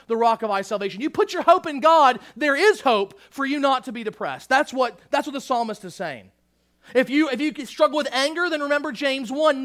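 High-voiced impassioned male preacher. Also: very animated, fairly quick. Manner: impassioned preaching, swinging between shouting and hushed; repeats words when starting sentences. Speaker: pastor. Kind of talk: sermon.

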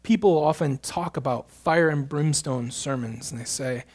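High-voiced preacher, hushed then emphatic. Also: male voice. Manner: swings between hushed, slow stretches and loud, emphatic bursts. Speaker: pastor. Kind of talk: sermon.

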